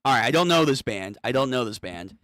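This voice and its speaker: A man's voice: mid-range voice, expressive, brisk, fairly bright tone, dry recording, studio quality. A young man hosting a comic read-through, reacting with hyped, slangy chatter and casual swearing.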